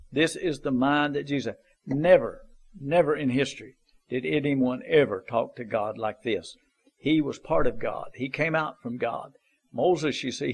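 A man's voice: medium pitch, husky. A man preaching an informal sermon, earnest and exhorting, repeating his points in folksy, plain grammar.

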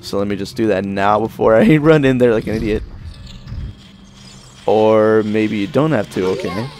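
Young adult man, lowish voice, casual gameplay commentary, cussing and yelping, game music behind. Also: normal speed. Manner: profane, excitable running commentary with sudden exclamations. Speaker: let's play gamer.

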